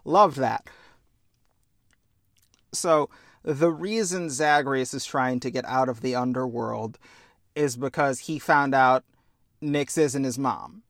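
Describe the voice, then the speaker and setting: A man's voice: medium pitch, slow, pauses often, fairly bright tone, dry recording, studio quality. A young man hosting a podcast, chatting casually and enthusiastically, swearing freely as he tells stories. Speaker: podcast host. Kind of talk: casual chat.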